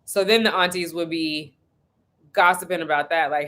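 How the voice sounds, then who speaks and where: Chatty woman, lowish voice. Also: normal speed. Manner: chatty, animated storytelling with laughs. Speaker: vlogger hosting a live stream. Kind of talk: casual live-stream chat. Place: at home.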